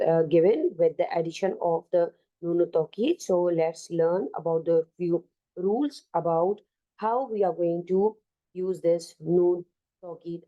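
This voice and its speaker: Low, dark-voiced woman teaching grammar. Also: dull audio. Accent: South Asian English. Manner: explains slowly with many fillers and restarts. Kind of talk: online grammar lesson.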